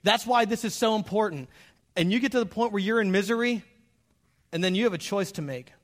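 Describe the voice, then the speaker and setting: Middle-aged male pastor, higher-pitched voice for a man, lively humorous sermon delivery. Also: fairly quick. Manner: animated, acts out quoted dialogue; humorous, direct address to the audience.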